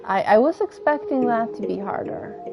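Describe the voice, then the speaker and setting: A woman's voice: on the high side, expressive, moderate pace, creaky. A woman streamer reading out all the lines of a detective game, with wry asides of her own. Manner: reads all characters in a plain voice with asides. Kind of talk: reading game dialogue aloud. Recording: dull lo-fi stream audio with loud game music.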